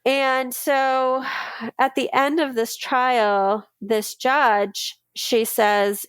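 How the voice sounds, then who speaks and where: A woman with a fairly high voice recounts a painful personal ordeal in a true-crime podcast. She speaks candidly and with feeling, often slipping into the lines of the people around her. The sound is close and dry, with no room around it. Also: level tone, drawn-out words, clean tone, no echo. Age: adult, mother of a daughter. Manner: candid, emotional storytelling with quoted dialogue. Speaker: interviewee recounting her experience.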